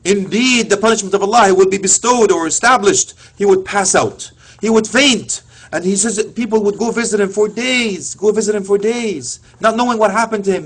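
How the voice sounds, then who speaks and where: A man's voice: high voice, husky. A man giving an emotional Islamic lecture, retelling stories with passion and sprinkling in Arabic phrases. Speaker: preacher.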